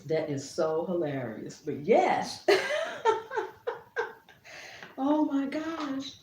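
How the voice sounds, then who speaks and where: Laughing, animated woman gardening vlogger. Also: on the high side, extremely slow, a little hiss or hum. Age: middle-aged. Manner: laughs often, animated storyteller. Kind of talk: casual storytelling to camera. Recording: roomy, a bit distant.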